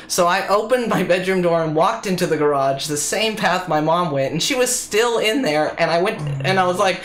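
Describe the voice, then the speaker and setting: A man's voice: high voice, fairly quick, few pauses, fairly bright tone. A young man casually telling a funny personal story on a podcast, swearing freely. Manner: laid-back, profane, laughing storyteller.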